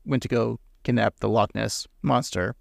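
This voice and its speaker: A man's voice: mid-range voice, steady tone, moderate pace, gravelly, no echo, clean studio sound. A man co-hosting a casual podcast, rambling and joking, laughing often. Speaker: podcast co-host.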